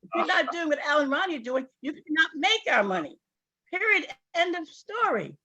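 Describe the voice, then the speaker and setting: A woman with a New York accent talks in a high, bright voice. She speaks emphatically, repeating herself and rambling as she gives a testimonial on a group call. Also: big pitch swings, normal speed. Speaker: distributor on a sales call.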